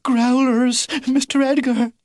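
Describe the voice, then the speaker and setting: A man voicing a frightened female badger who pants and frets in a high voice. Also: level tone, slow pace, a little mellow, dry recording, studio quality. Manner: panting, fretful, high wailing.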